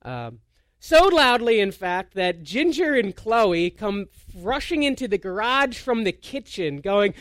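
High-voiced pastor preaching a casual sermon. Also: male voice, unhurried, no room sound, clean studio sound. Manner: storytelling with frequent restarts; self-deprecating and animated. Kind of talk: conversational sermon.

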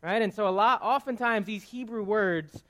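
A man with a notably high voice delivers a teaching sermon. He talks casually, stumbles over repeated words and keeps asking his listeners "right?" as he goes. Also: normal speed, a bit bright. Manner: conversational, stammering restarts, frequent "right?". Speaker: preacher.

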